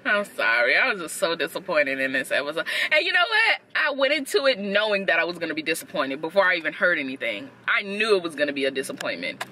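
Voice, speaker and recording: A young woman vlogger giving a blunt, profane and animated casual review. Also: fairly low pitch, quick pace, few pauses, slight background noise, low-quality recording.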